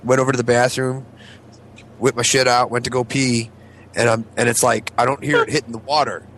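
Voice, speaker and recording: Fast-talking man telling crude stories. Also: medium pitch, little pitch movement, fairly bright tone, slight background noise. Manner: rambling storyteller, laughs at himself. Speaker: show regular. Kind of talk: casual chat.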